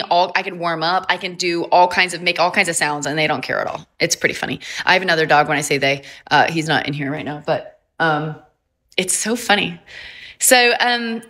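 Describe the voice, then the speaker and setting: Bright chatty woman livestreaming. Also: fairly low pitch. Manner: chatty, upbeat, laughs often. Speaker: livestream host. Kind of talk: casual livestream chat.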